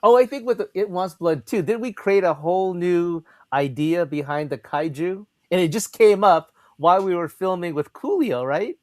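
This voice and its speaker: Relaxed man chiming in, dry sound. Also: high voice, normal speed, hardly any pauses, dry recording. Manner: relaxed, chimes in with short agreements. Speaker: co-guest, film collaborator. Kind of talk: casual podcast chat.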